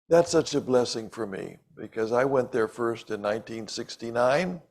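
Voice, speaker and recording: Older male preacher, gravelly voice, relaxed storytelling sermon full of ums and asides. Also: mid-range voice. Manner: conversational, with frequent ums and asides. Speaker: preacher and missionary.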